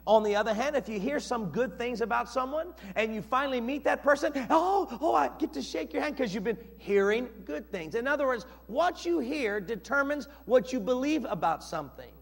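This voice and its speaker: A male pastor preaching a sermon in an animated, dramatic way, acting out scenes with shifting voices. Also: very high voice, fairly quick, vocal fry, few pauses. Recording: long reverb of a church hall.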